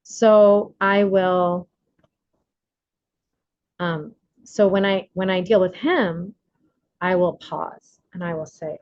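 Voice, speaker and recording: A woman facilitating an online recovery workshop on a video call, animated, acting out quotes with big jumps in pitch. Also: takes it slowly, pauses often, no echo, highs cut off.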